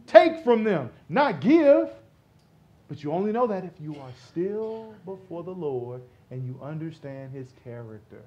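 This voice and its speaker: Male pastor, high voice, lively sermon swinging from shouts to whispers, playful acted-out asides; slightly muffled church recording. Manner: swings from loud exclamations to soft near-whispers; playful, acts out imagined voices. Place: church sanctuary.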